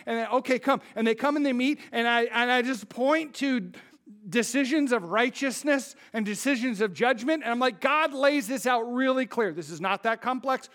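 A man in his thirties preaching as a pastor, lively and conversational, acting out the voices of people in his stories. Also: very high voice, normal speed. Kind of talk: sermon.

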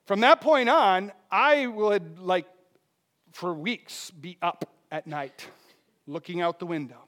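A man in his thirties preaching a sermon, telling a personal story in an animated way with bursts of loud emphasis. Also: high-pitched. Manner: animated storytelling with laughs and sudden shouts. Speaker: pastor.

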